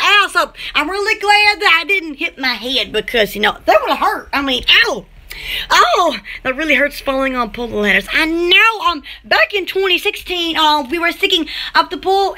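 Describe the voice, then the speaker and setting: Woman livestream host, very high and bright-toned, giggly, rambling chatter to viewers at home. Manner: giggly, rambling, exclamatory, blows kisses to viewers. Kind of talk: casual live-stream chat.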